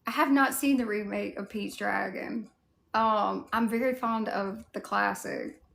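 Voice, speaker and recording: Slow, gravelly Southern woman streamer. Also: mid-range voice, steady tone, a bit bright. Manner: chatty and candid, with mild swearing. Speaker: cosplay livestreamer. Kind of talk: casual livestream chat, answering viewer comments.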